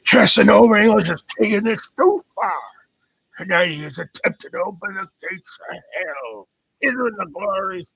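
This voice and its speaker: A furious hellfire preacher rants in a slow, sermon-like drawl, as a man puts him on. The voice is raised high and bright, with a husky edge, and sits dry and close. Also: lively intonation, no echo, heavily acted, rough recording. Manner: ranting, sermon-like, drawn-out delivery. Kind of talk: storytelling with character voices.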